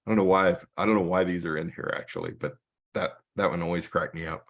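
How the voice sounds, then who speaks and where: A man's voice: low voice, steady tone, fast. A man giving a casual talk as a photographer, telling stories and acting out the dialogue. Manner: storytelling with acted-out dialogue. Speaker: guest speaker, photographer. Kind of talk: casual presentation.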